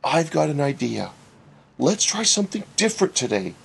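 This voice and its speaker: A man's voice: on the high side, very animated, normal speed, gravelly, slightly rough, full character voice. A man voicing an eager, pushy male restaurant manager in a read-aloud story. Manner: pushy, upbeat.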